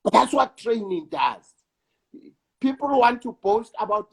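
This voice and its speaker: A South African man, an actor and director, talking in an interview in a slow, emphatic way and repeating words for weight. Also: high voice, big pitch swings, slightly rough. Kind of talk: reflective conversation.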